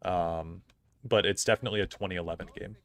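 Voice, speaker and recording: A man's voice: low voice, fairly even intonation, fast talker, no room sound, studio quality. A young man streaming a game, chatting casually in a rambling, opinionated way full of fillers. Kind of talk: casual gameplay commentary.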